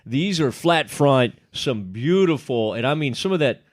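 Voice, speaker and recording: A man's voice: mid-range voice, animated, measured pace, no room sound, studio quality. A middle-aged man with an East Texan accent, co-hosting a sports podcast in a jokey, enthusiastic way. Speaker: podcast co-host. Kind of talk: casual sports podcast chat and host-read ad.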